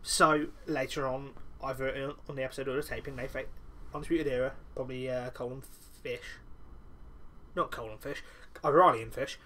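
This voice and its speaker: A man's voice: medium pitch, steady tone, a little fast, sharp tone. A man hosting a podcast, talking alone in a casual, rambling way and often correcting himself. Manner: rambling, self-correcting storyteller. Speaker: podcast host. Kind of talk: casual solo podcast monologue.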